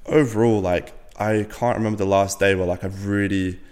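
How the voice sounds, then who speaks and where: Swearing young man, deep voice, reverberant room. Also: steady tone, moderate pace, a little mellow. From Latvia. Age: 20s. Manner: blunt, swears freely, many fillers. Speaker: podcast guest. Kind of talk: casual interview talk.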